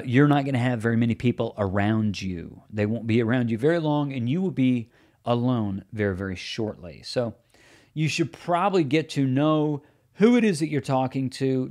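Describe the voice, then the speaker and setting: A man's voice: mid-range voice, darkish tone. A man hosting a podcast, giving earnest, plain-spoken practical advice on encouragement. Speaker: podcast host. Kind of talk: solo podcast teaching.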